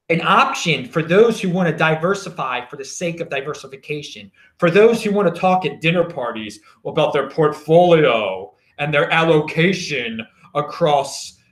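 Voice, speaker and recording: Animated, sarcastic male vlogger in an echoey room. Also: on the high side. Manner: emphatic and sarcastic, with frequent restarts. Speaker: crypto video host. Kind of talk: casual opinionated monologue.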